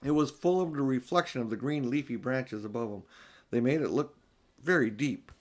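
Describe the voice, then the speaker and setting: An older man narrating a children's audiobook in a gentle, expressive, grandfatherly way. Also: medium pitch, normal speed. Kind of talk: storybook narration.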